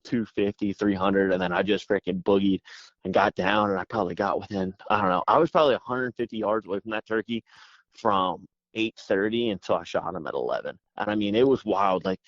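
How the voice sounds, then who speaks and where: A man guest telling a story with excited energy, rambling fast and saying "dude" constantly, calling in by phone. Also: lowish voice, no room sound. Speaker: podcast guest. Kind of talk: animated storytelling. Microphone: phone call. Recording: dull phone line.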